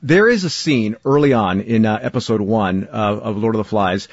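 A middle-aged man with a slightly husky voice asks earnest questions, sometimes groping for words. The sound is dry, with no room around it, and a little dull and lo-fi. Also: on the low side, normal speed, no echo. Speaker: interviewer. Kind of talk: interview questions.

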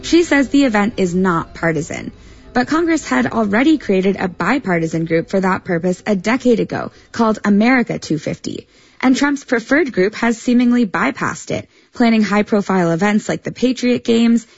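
A woman correspondent reading a radio news report in a measured, clear voice. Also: mid-range voice, expressive, no room sound, muffled recording.

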